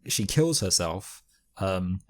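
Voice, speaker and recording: A man with a very low, deep voice talks over a film in loose, casual chat. He rambles and circles back, and his sentences are full of fillers and restarts. He sounds like a co-host riffing on a review show. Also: animated, slow.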